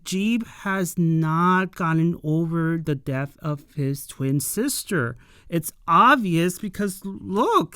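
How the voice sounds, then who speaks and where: An unhurried reviewer recaps a show episode in a loose, filler-laden chat, with a clean, resonant voice recorded dry and close. The delivery is blunt and opinionated. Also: medium pitch, a bit bright, clear, resonant tone, dry recording. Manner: rambling, filler-heavy, opinionated. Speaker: anime and tokusatsu episode reviewer. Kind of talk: casual episode recap and commentary.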